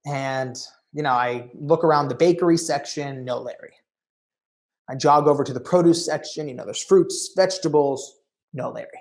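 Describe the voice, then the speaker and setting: A man speaking as a conference keynote speaker, telling a story in an animated way and often saying "you know.". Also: fairly high pitch. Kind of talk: storytelling talk.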